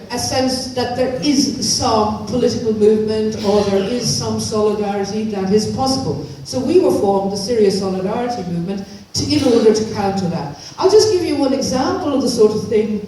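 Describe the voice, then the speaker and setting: A woman from Northern Ireland giving a public speech as an activist, measured and earnest, hedging often as she talks. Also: mid-range voice, warm tone, slight background noise. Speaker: activist speaker. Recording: echoey hall from far off.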